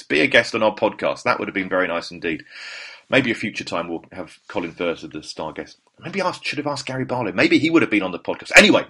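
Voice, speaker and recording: A man hosting a podcast in a rapid, rambling, anecdotal way that keeps doubling back on itself. His voice sits low and slightly husky, and its pitch swings widely. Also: fairly bright tone. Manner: rambling and anecdotal, with self-corrections. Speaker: podcast host. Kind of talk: casual chat.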